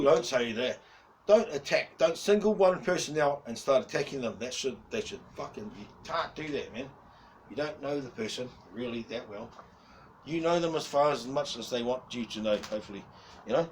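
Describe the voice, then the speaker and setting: A man's voice: mid-range voice, darkish tone. A man in his forties who rambles and swears heavily in a casual rant as a YouTuber, often breaking into laughs. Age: 40s. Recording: distant mic with faint background noise.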